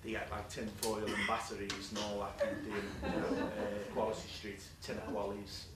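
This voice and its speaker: A man's voice: fairly low pitch, completely flat delivery, moderate pace, very noisy. A male stand-up comedian, telling a crude, rambling comic story with chatty asides to a live audience. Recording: echoey live room, distant mic.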